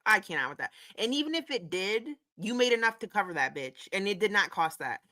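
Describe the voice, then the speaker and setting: A woman hosting a casual commentary stream, her voice bright and forceful. She talks bluntly, swears freely and gets worked up as she reacts. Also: mid-range voice, very animated, fairly quick. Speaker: commentary host.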